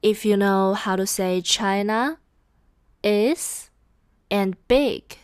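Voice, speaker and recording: A woman teaching a language lesson, explaining step by step and repeating model phrases slowly and carefully. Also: medium pitch, clear, resonant tone, dry recording, clean studio sound.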